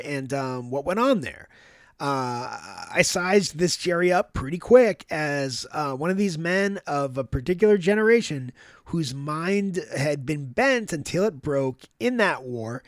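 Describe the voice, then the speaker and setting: Middle-aged male podcast host, storytelling, slightly high voice, reflective and hesitant, dry mic. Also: no echo. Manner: reflective, frequent "um" and "right?". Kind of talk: storytelling monologue.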